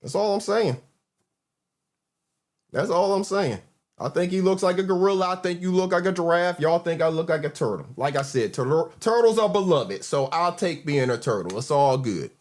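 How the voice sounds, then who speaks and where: A man's voice: a little high, lively intonation, moderate pace, a little mellow. A man in casual panel chat, arguing and repeating his questions.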